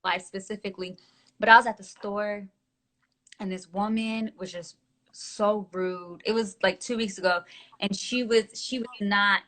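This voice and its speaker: A woman interviewing over a video call, telling stories in an animated way. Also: mid-range voice, measured pace. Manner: animated storyteller.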